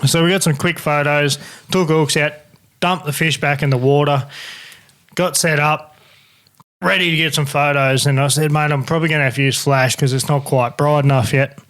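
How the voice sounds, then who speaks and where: A fairly high-voiced Australian man spins a fishing yarn on a podcast. He is animated and swears freely, with laughs breaking into his storytelling. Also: normal speed. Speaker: podcast host. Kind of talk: casual storytelling chat.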